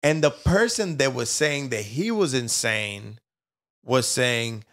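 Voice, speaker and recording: A man co-hosting a podcast, chatting casually and joking with animated delivery. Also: mid-range voice, slow pace. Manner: joking, animated, slips into mock voices. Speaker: podcast co-host. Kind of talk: casual chat.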